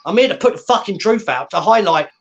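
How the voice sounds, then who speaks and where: A man's voice: high voice, animated, fast, fairly bright tone, lo-fi sound. A man on an online call, ranting angrily and swearing constantly, punctuating points with "yeah?". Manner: swearing, combative, repeats "yeah?" for emphasis. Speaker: guest. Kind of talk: angry ranting on a livestream.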